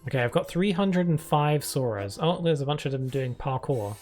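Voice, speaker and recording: A man's voice: a little high, animated, normal speed, a little mellow, soft background music. A British man streaming a video game, chatting and rambling through casual commentary with frequent giggles.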